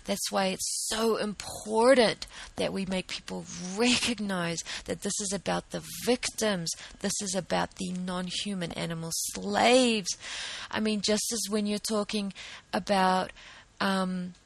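A woman's voice: medium pitch, fairly even intonation, a little slow, creaky, low-quality recording. A woman advocate speaking earnestly and urgently about justice, often restarting her sentences. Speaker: vegan advocate. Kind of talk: impassioned talk to camera.

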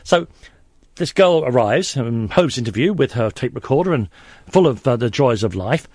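A man's voice: mid-range voice, expressive, moderate pace, a little mellow, no room sound. A man on a late-night radio show in the studio as a guest, telling rambling anecdotes with many restarts.

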